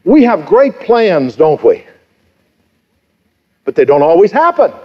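A man in his fifties preaches with emphatic force, pressing points home with rhetorical questions and repetition. His voice sits somewhat high for a man. The recording is dull and lo-fi. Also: big pitch swings, slow pace, breathy edge. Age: 50s. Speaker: pastor. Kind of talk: sermon.

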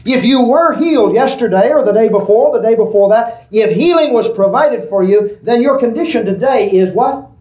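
A man's voice: very high voice, lively intonation, normal speed, few pauses, darkish tone, husky. A man preaching a sermon, leading the congregation in call-and-response and repeating his phrases. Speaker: pastor.

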